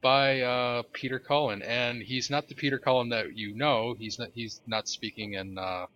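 A man's voice: medium pitch, steady tone, moderate pace, bright, forceful tone. A man co-hosting a podcast, chatting casually with dry, sarcastic asides. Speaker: podcast co-host. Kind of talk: casual chat. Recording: dull lo-fi audio.

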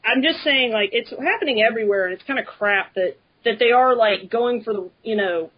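A woman co-hosts a podcast in a casual, chatty way, using lots of fillers. Her voice is fairly high with a breathy edge, she talks briskly, and the audio is lo-fi and dull.

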